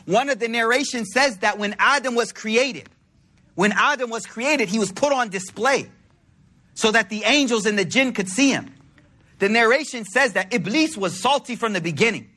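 A man's voice: extremely high pitch, bright, forceful tone. A man giving a religious talk to a congregation in a conversational, slangy storytelling way. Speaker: religious speaker.

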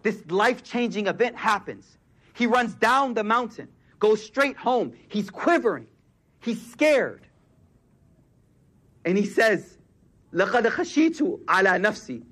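A young male preacher with a high voice delivers an Islamic sermon. He talks in a loose, slangy way, drops in Arabic phrases, and hammers key words by repeating them. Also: expressive, slow pace, pauses often, fairly bright tone. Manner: emphatic, repeats phrases for effect.

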